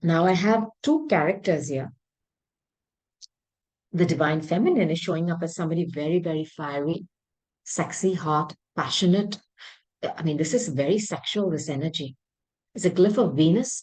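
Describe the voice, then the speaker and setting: Woman, low-pitched, husky, tarot reader, emphatic, intuitive, clears throat. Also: expressive, normal speed, darkish tone, poor audio. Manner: intuitive, emphatic, repeats words for stress. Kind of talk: tarot reading to viewers.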